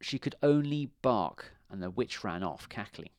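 A man reading a children's storybook aloud with expressive delivery. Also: lowish voice, no room sound, studio quality.

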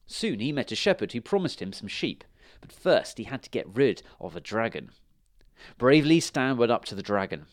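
A man reads a children's storybook aloud with an animated, sing-song delivery and a wide pitch range. His voice is mid-pitched. The recording is close and dry. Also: moderate pace, dry recording. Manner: expressive, animated read-aloud. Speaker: reader.

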